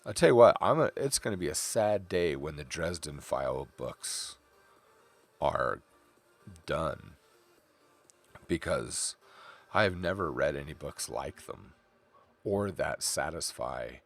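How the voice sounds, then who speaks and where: Faint music plays behind a very deep, gravelly, animated voice that moves slowly. It belongs to a middle-aged California artist streaming while he draws, chatting casually and drifting into tangents and stories.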